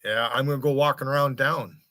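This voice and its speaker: A man's voice: mid-range voice, fairly even intonation, a little fast, pushed and bright, no echo, clean studio sound. An American man hosting a livestream, taunting and swearing at people in his chat in a mocking rant. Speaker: livestream host. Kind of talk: profane rant at chat viewers.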